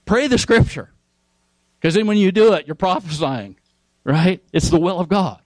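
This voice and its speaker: A man's voice: high-pitched, animated, moderate pace, dry recording, low-quality recording. A man preaching a sermon, emphatic, repeating key phrases and asking his listeners questions.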